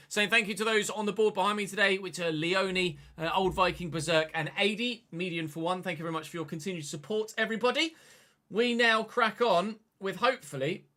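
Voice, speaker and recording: Streaming a football management game, a young man with a voice on the high side and a fairly bright tone chats casually, swears, and responds to his viewers' messages as live game commentary.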